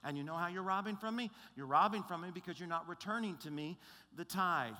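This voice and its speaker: A man's voice: sits high, fairly quick, pushed and bright. A male pastor preaching a sermon in an emphatic, conversational way, often checking in with his listeners. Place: large church auditorium. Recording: long reverb of a large hall.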